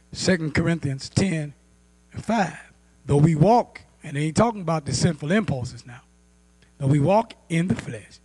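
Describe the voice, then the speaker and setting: A male pastor, teaching a Bible study with call-and-response, rising to loud emphasis and dropping to quiet asides. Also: on the high side, slightly rough, no echo. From United States. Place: church.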